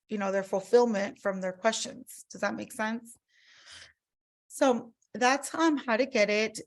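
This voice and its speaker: A woman giving a casual sales training talk, chatty, full of fillers and acted-out customer quotes. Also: mid-range voice.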